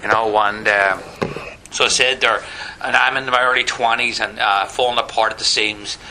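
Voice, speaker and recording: A middle-aged man from Northern Ireland, with the accent to match, gives a wry personal testimony at a recovery meeting, sprinkling in lots of "you know." His voice is fairly low and steady at a moderate pace, against a noisy background.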